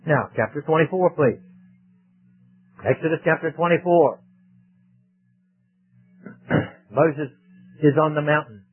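A man's voice: fairly high pitch, slow, pauses often, breathy edge. A man preaching a sermon in a conversational way, often asking rhetorical questions. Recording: tinny phone-like radio broadcast.

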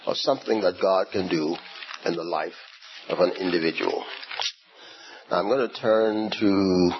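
A man preaching a sermon, retelling a scripture story in a slow, animated way and repeating words as he goes. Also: on the low side, a little hiss or hum. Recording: dull lo-fi recording with faint ambience.

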